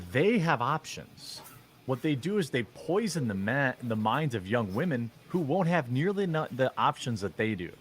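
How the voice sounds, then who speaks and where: A man's voice: medium pitch, slight background noise. Sarcastic man ranting over clips. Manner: sarcastic, mocking, rambling with fillers. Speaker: commentary vlogger. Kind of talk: opinionated commentary on clips.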